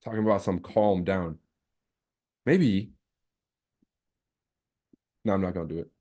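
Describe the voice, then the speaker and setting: Deep and dark in tone, this man's voice moves unhurriedly as he hosts a live trading stream. He's brash and teasing while reading out the chat, swearing freely in casual conversation.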